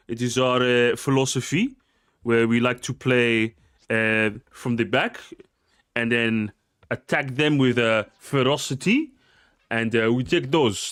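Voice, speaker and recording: A man's voice: mid-range voice, measured pace, a bit bright, no echo, faint music behind. A man giving casual, jokey gameplay commentary, swearing and pleading with the game as he races. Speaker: gaming YouTuber.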